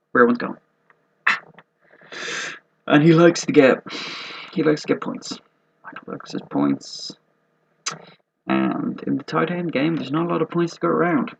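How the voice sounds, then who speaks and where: Gravelly, profane man joking through picks. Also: mid-range voice. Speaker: host of a fantasy football mock draft video. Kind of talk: casual predictive commentary. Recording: dull lo-fi recording.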